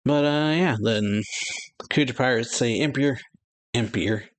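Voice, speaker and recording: A man hosting a reaction channel, casually reading a manga chapter aloud in a relaxed, halting way full of "yeah" fillers. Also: medium pitch, clear, resonant tone, dry recording. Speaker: anime reaction channel host.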